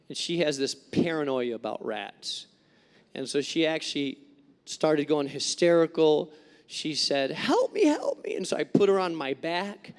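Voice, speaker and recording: A man preaching a sermon as a pastor, telling stories in an animated way and acting out the voices of people in them. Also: fairly high pitch, smooth, big-room sound. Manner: animated storytelling with acted-out quotes. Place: church sanctuary.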